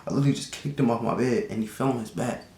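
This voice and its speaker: A young man telling a casual storytime vlog, slangy and animated, with lots of fillers. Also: rapid-fire, creaky. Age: young adult. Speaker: vlogger. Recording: echoey room with faint rumble.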